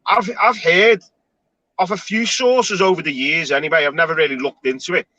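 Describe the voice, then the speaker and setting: A man's voice: fairly high pitch, fairly even intonation, normal speed, bright, forceful tone, no room sound, muffled recording. A man hosting a casual online panel chat, talking in a chatty, rambling way with frequent restarts. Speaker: show host.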